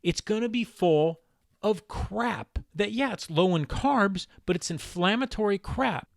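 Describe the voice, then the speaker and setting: A man's voice: high-pitched, expressive, unhurried, creaky, dry recording, studio quality. A man talking in a casual instructional vlog about diet, emphatic, exasperated and blunt. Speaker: keto diet vlogger.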